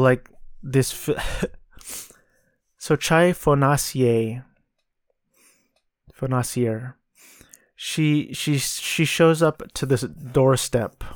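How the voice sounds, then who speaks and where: In a dry, clean studio recording, a podcast host with a mid-range voice talks through a film review. He's casual and hesitant, stumbling into frequent ums and starting sentences over.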